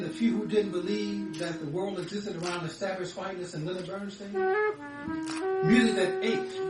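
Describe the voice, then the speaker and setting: A man giving a live poetry reading, rhythmic and building into sudden high screams. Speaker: poet. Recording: echoey, distant, loud music behind.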